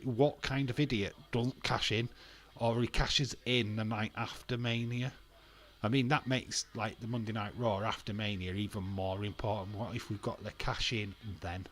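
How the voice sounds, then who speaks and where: A man's voice: on the low side, a bit bright. A man giving casual, blunt commentary as he watches along with an old wrestling event, ranting and swearing freely.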